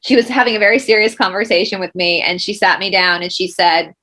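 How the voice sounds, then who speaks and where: A woman in her thirties from Georgia with a Southern accent, telling lively anecdotes in a casual chat. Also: medium pitch, fast. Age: 30s. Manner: animated anecdotes. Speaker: guest.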